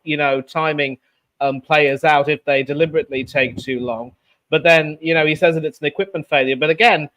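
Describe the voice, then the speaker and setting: A man hosting a casual sports chat, talking in an animated way with many fillers and restarts. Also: on the high side. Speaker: sports show host.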